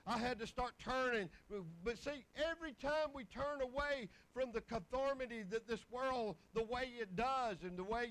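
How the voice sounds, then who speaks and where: A man's voice: extremely high pitch, fairly bright tone, low-quality recording. A middle-aged man, preaching a folksy, rambling testimony full of scripture. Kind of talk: sermon.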